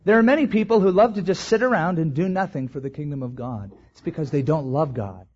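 A man with a husky, slightly raised voice delivers a sermon from the pulpit. He swells to emphatic peaks and then drags out key words slowly. The recording is dull and lo-fi. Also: fairly high pitch, a little mellow. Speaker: pastor.

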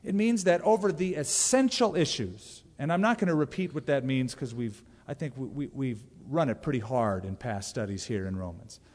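A man's voice: medium pitch, expressive, normal speed, hardly any pauses, a little mellow, long reverb tail. A man preaching a sermon as pastor, emphatic and conversational, with direct asides to the congregation.

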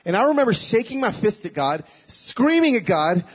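A man giving a sermon as a guest speaker, telling a personal story with emotion, moving between hushed and loud, pleading passages. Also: high voice, very animated, moderate pace, hardly any pauses, husky, highs cut off.

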